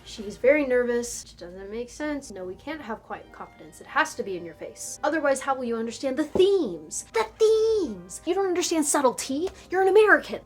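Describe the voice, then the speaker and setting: A young woman ranting through a video essay commentary, sarcastic and exasperated, with some swearing. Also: a little high.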